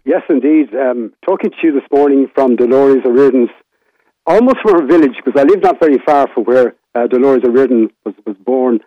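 A man's voice: mid-range voice, fairly quick, no echo. A man in his sixties with a Limerick Irish accent, a radio broadcaster reminiscing casually as a phone guest, rambling with many restarts. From Ireland. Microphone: telephone. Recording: tinny phone line.

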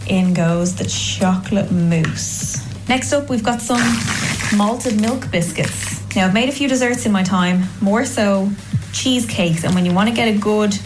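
A woman's voice: medium pitch, a little slow, rough recording. Upbeat woman narrating cooking. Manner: upbeat, narrates each step. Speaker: podcast co-host. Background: music.

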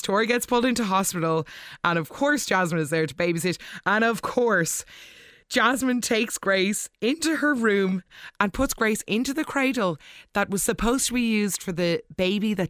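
Recap vlogger: chatty, animated, mid-pitched voice, dry close recording. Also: no room sound. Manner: animated, gushing, quick asides. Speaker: soap opera recap host. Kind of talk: casual episode recap.

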